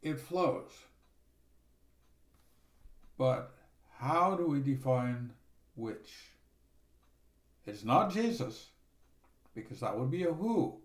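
A man teaching a Bible passage verse by verse, reading scripture aloud and explaining it in a measured way, stressing key words. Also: medium pitch, animated. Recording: echoey room.

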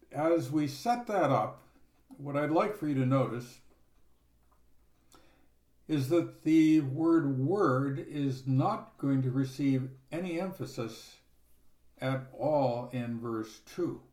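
Slow, measured male Bible teacher. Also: medium pitch, darkish tone. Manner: measured, explanatory, reads scripture aloud with stress on key words. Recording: echoey room.

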